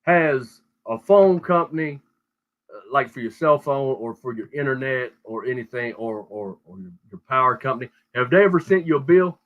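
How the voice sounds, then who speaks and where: A man's voice: medium pitch, animated, moderate pace, phone-quality sound. A man hosting a show, ranting crudely and rambling with heavy swearing over call audio. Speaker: show host. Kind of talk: profane casual rant.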